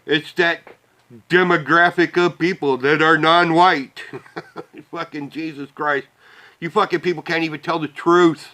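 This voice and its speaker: A man's voice: on the high side, fairly even intonation, unhurried, bright, forceful tone. A man from the Midwest, delivering a profane, heated rant to the camera with bitter laughs. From Midwest United States. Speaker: vlogger. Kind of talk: angry ranting monologue.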